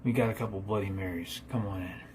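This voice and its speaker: A man's voice: low voice, fairly even intonation, fast talker, a little mellow, slight background noise, lightly acted. A man voicing a chummy British man met in the woods, with a breezy, matey manner.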